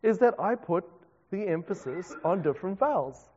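A man's voice: high-pitched, animated, normal speed, a little mellow, a little hiss or hum. A South African man, a pastor, preaching a conversational sermon with self-deprecating asides. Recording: dull reverberant hall recording.

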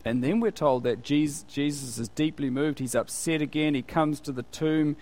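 A man preaches a sermon in a relaxed, conversational way, asking his listeners rhetorical questions as he goes. His voice sits a little high for a man. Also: normal speed.

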